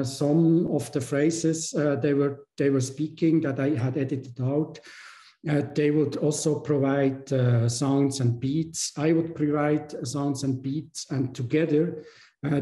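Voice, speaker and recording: A man lectures very slowly in a mellow voice, stopping often on filler sounds as he gathers his thoughts. His voice rings around an echoey lecture room, with faint music underneath. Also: fairly high pitch, steady tone. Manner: halting, with frequent filler pauses. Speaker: guest lecturer. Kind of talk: university lecture.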